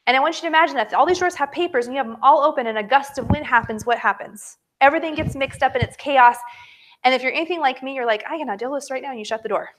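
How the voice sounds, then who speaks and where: A woman in her thirties leading a motivational training talk for her sales team, telling stories in a chatty, animated way and calling her listeners "you guys.". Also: sits high, racing, slight background noise. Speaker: direct-sales team leader.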